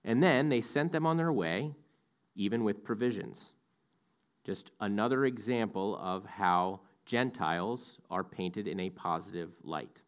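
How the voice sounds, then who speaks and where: A man's voice: on the low side, unhurried. A man giving verse-by-verse Bible teaching in a conversational way, with asides that correct himself.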